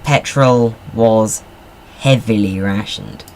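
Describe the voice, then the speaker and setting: A gamer with a lowish, creaky voice speaks slowly over a faint hiss or hum. He gives casual, rambling, chatty commentary while playing a car design game, tossing in self-deprecating asides.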